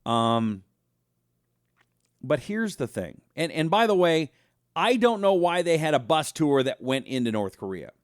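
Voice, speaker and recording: A man hosting a talk show, delivering a casual monologue as an animated storyteller who speaks straight to his audience. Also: on the high side, a little slow, no room sound, studio quality. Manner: animated storyteller, acts out voices, talks directly to the audience.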